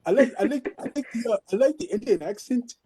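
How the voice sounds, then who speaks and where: A man's voice: extremely high pitch, animated, quick pace, dark tone, husky. A man hosting an open mic in a casual, joking, encouraging way. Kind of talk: casual group talk.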